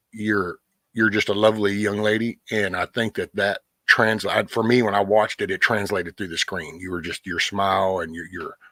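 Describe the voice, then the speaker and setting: A middle-aged man hosts his own live stream, rambling along and greeting viewers by name. His voice is husky and sits low, and the sound is close and dry with no room echo. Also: pushed and bright. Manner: rambling, talks to chat by name. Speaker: livestream host. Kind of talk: casual live-stream chat.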